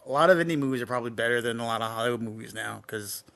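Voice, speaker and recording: A man's voice: mid-range voice, racing, vocal fry, a bit bright. A young man co-hosting a podcast, chatting loosely with many fillers and swear words. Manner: rambling, swears freely, lots of fillers. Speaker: podcast co-host. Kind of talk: casual banter.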